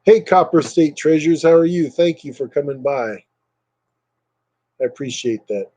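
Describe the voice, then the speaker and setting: A man's voice: on the high side, normal speed, warm tone, low-quality recording. A man chatting casually on a live stream, rambling with lots of fillers and thanking viewers by name.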